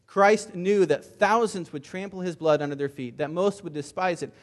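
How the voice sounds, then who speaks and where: A pastor delivering an impassioned sermon, often repeating words as he builds his points. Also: a little high. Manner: impassioned preaching with frequent word repeats.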